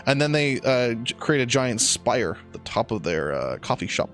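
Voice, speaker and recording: A young man improvising a silly story on a podcast, rambling and excitable with plenty of swearing. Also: medium pitch, moderate pace, faint music behind. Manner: rambling, excitable, swears a lot, many restarts.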